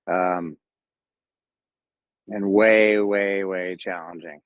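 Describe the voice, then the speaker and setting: A low-pitched man with a Southern Californian accent talks through his memories in a loose, rambling way, pausing on fillers and restarting his sentences. The sound is dry and close, with a slightly dull, lo-fi tone. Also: steady tone, no echo. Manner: rambling, laid-back, many fillers and restarts. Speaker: Marine Corps veteran telling his story. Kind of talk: casual first-person storytelling.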